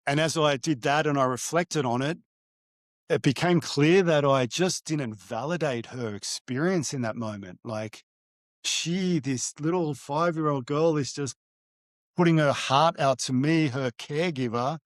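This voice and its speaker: Middle-aged man, mid pitch, halting and reflective, dry close mic. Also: fairly even intonation, no echo. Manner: halting, with frequent fillers and restarts. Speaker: guest, divorced father. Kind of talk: reflective storytelling in an interview.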